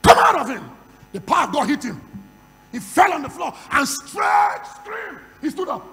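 A man preaching in a very high, bright and forceful voice. He calls out lines for the congregation to repeat and slips into speaking in tongues. His voice rings with a long reverb in a large hall. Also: huge pitch swings, normal speed. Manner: loud call-and-response preaching, switching into speaking in tongues. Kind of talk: sermon.

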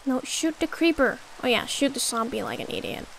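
A woman's voice: high-pitched, fairly quick, gravelly, fairly bright tone, a little hiss or hum, poor audio. A young woman giving casual gameplay commentary, muttering to herself, swearing and getting exasperated. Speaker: gaming YouTuber. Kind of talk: casual let's-play commentary.

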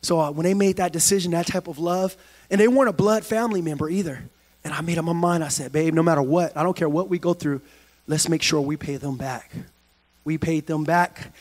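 A man preaching a sermon as pastor, swinging from quiet talk to shouted, sing-song cadences. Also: a little high, a little fast. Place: church sanctuary.

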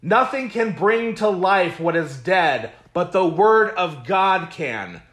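A male pastor leading a Bible study, speaking at a slow, deliberate pace. His voice sits a little high for a man. He preaches with emphatic repetition and stops to comment on the verses he reads. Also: lively intonation, a bit bright. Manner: reads scripture aloud with comments.

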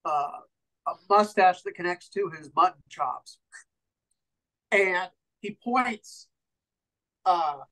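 A man narrating as game master in a tabletop game, relaxed and halting with many fillers. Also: sits high, rough recording.

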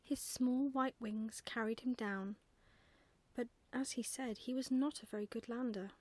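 A woman reading a bedtime story aloud in a soft, close whispered role-play style. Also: a little high, steady tone, unhurried.

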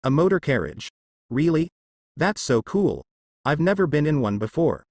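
A man's voice: on the high side, big pitch swings, moderate pace, darkish tone, no echo. A man voicing a brash, whiny teenage boy ninja who complains a lot. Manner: complaining, whining.

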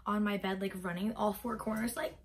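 A woman's voice: medium pitch, a little fast, slightly rough. A young woman vlogger telling a dramatic story casually, full of fillers. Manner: animated, dramatic, many fillers. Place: bedroom.

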